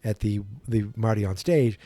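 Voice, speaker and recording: A man's voice: on the low side, moderate pace, dark tone, no echo. A man hosting a podcast, casually retelling a film from memory in a rambling way. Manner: rambling, full of restarts and impressions. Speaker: podcast host.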